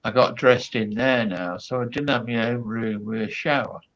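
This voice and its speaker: A man's voice: medium pitch, moderate pace, fairly bright tone, muffled recording. A man, a guest comedian, telling a rambling backstage anecdote full of quoted asides and fillers.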